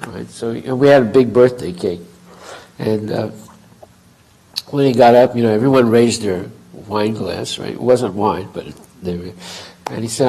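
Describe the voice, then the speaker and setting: A man's voice: mid-range voice, gravelly, a little mellow, husky, poor audio. A man giving a class at a temple, telling a story conversationally and acting out both sides of a dialogue. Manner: conversational, acts out quoted dialogue. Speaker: temple speaker.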